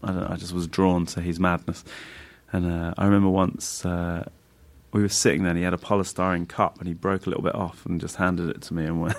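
A man with a very low, gravelly voice tells rambling stories as a guest in a relaxed interview. He laughs as he goes and drops into little performed voices for the people he quotes. The delivery is loose and anecdotal. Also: fairly quick. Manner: rambling, laughs while telling stories, acts out quoted lines. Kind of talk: casual anecdotal storytelling.

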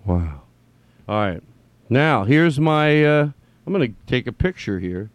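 A man giving an unscripted personal monologue, rambling with stammered restarts and blunt swearing, swinging from quiet musing to loud impassioned ranting. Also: medium pitch, expressive, a little slow, faint music behind.

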